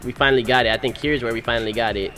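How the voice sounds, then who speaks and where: A young man, recently married, narrating his wedding photos in animated, slangy, casual storytelling. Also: medium pitch, faint music behind. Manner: animated, slangy storytelling with quick voice-acted quotes. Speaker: groom.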